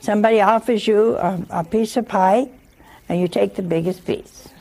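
A woman's voice: mid-range voice, moderate pace, creaky, mellow. A woman giving a conversational sermon in a folksy, humorous way, often putting rhetorical questions to her listeners. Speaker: religious teacher.

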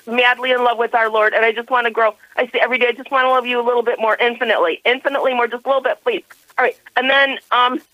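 An older woman phones in to a radio show, talking effusively and rambling, often laughing. Her voice sits fairly high and comes over a dull, muffled phone line. The sound is dry. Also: dry recording. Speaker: caller. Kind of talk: phone-in call.

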